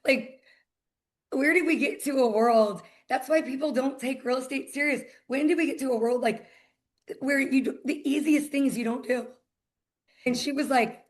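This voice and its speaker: A woman's voice: high voice, normal speed. A woman with a Southern US accent, a title company executive chatting as a podcast guest and telling stories by acting out both sides of past conversations. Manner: chatty storyteller, acts out quoted exchanges. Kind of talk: casual podcast chat.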